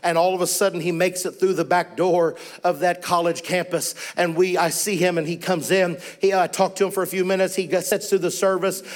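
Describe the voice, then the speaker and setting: A man's voice: high voice, little pitch movement, fairly quick, hardly any pauses. A man preaching a sermon as a missionary, telling a story with mounting fervor. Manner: impassioned storytelling, rising to fervent preaching.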